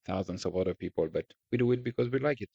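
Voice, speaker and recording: A man with a French accent, a native French speaker, chats on a podcast with a low-pitched voice. He is talkative and rambles with frequent restarts and casual swearing. The sound is dry and somewhat dull, with no room echo. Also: rapid-fire, creaky, mellow, breathy edge. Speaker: podcast co-host. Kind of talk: casual chat.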